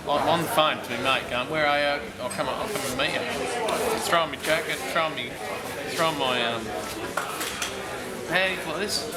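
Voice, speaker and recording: A man's voice: a little high, echoey room. An Australian man, a motorcycle rider, telling a rambling casual story.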